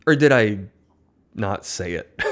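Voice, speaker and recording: A man giving upbeat, excitable live play-by-play commentary on his own gaming stream, his voice a little worn. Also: fairly low pitch, takes it slowly. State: voice slightly worn. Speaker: livestreamer. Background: faint game music.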